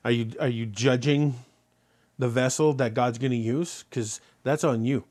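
A man's voice: medium pitch, a little slow. A man preaching a sermon as pastor, telling a story and then driving points home with repeated rhetorical questions. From Canada. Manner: animated preaching, rhetorical questions, rising loud on key points.

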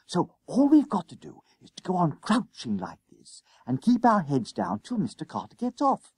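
A nervous schoolboy whispers his plans in a children's storybook, as a male reader puts him on. The voice sits high with lively ups and downs, hushed and urgent. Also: normal speed, slightly rough, no echo, heavily acted. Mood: whispering plans.

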